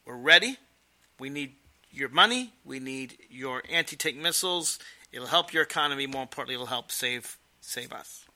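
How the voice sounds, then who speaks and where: Sharp, animated man giving commentary. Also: mid-range voice, moderate pace. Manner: emphatic, sarcastic. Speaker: political commentator. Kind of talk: explanatory commentary.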